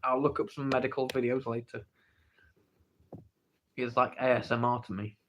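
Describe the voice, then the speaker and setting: A man's voice: medium pitch, flat delivery, normal speed, noisy background. Teasing English man on a livestream. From England. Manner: playful, teasing, pleading for the story. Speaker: livestream host. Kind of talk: casual livestream chat. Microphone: phone.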